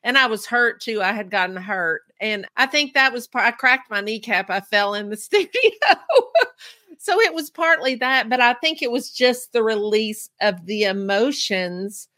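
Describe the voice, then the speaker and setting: A woman's voice: fairly high pitch, moderate pace, sharp tone, no echo, studio quality. A woman hosting a podcast, chatting casually with a guest and laughing often. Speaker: podcast host.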